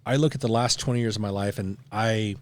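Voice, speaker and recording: A man's voice: on the low side, fairly even intonation, a little fast. A middle-aged man, a podcast guest, talking in a blunt, profane, emphatic way in casual conversation.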